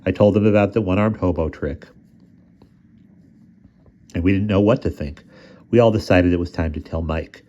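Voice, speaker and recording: Low dark-voiced man reading a story. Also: moderate pace, pauses often. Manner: acts out the boys' dialogue in raised, excited voices. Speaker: audiobook reader. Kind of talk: storybook narration. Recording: dull lo-fi recording.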